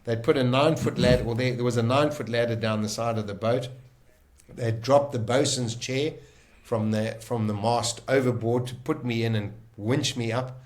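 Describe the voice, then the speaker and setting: A man's voice: mid-range voice, steady tone. Emphatic South African man telling a story. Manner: vivid, emphatic retelling with quick restarts. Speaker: podcast guest. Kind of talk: dramatic first-person storytelling.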